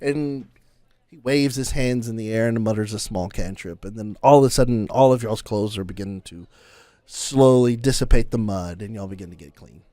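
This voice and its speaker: A man narrating as game master in a casual, halting way. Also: on the low side, mellow, no echo.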